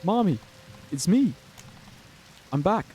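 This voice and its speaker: A man voicing a frightened young girl who pleads through tears in a high, desperate voice. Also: animated, slow, warm tone, slight background noise, low-quality recording. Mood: timid.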